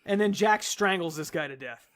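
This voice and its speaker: A man co-hosting a podcast, casually retelling a film's plot with lively quotes and frequent laughs. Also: sits high, brisk. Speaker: podcast co-host. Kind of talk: casual movie recap chat.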